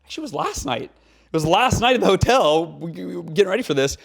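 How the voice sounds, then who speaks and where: A man in his forties, a guest author speaking in a casual interview, earnest and animated, acting out quotes as he tells stories. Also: high-pitched, quick pace, vocal fry.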